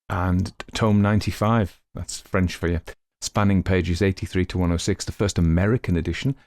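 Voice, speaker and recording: Deep-voiced chatty podcast reader. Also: male voice, a little mellow, no echo. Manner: rambling, self-correcting, chatty asides. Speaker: audiobook reader and podcast host. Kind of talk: story narration and casual commentary.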